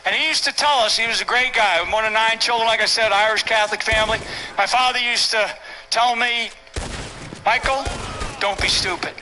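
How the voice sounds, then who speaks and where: Older man, rally speech, very high pitch, emphatic and repetitive, faint background noise. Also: steady tone, a little fast. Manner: emphatic, repetitive, keeps asking "right?". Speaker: speaker at a public event. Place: stage at an event with a tent.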